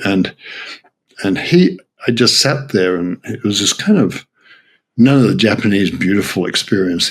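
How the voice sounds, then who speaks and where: An older man with an Australian accent telling stories in an interview, halting with many restarts and frequent laughs. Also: sits low, breathy edge. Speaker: Zen teacher. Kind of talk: reflective interview storytelling.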